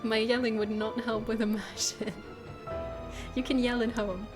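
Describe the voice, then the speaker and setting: A woman's voice: fairly high pitch, flat delivery, a little slow, music in the background. A woman streaming a game, chatting casually, laughing and swearing as she plays. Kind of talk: let's play commentary.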